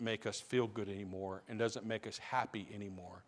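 A male pastor preaching a sermon to his congregation, building to loud repeated questions. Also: fairly low pitch, fairly even intonation, fairly quick. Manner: preaching with rising, shouted questions. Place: church sanctuary. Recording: long reverb of a large hall.

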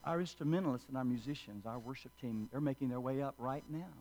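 A man's voice: mid-range voice, darkish tone. A man preaching a sermon, firing off repeated questions and leading the congregation in call-and-response. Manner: impassioned preaching, rapid-fire repeated questions. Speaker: pastor. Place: church sanctuary.

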